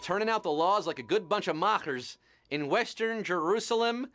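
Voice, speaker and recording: A man with a high voice hosts a live trivia game show. He reads questions and answers in a playful, punning patter full of wisecracks. Soft music plays faintly behind him. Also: moderate pace. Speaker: quiz show host.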